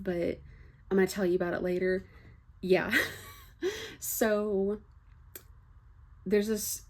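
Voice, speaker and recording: Mellow, chatty young woman vlogging. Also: mid-range voice. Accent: General American with a faint Southern trace. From Texas, USA. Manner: rambling and chatty, with frequent fillers and soft laughs. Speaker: book vlogger. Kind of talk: unscripted casual chat to camera.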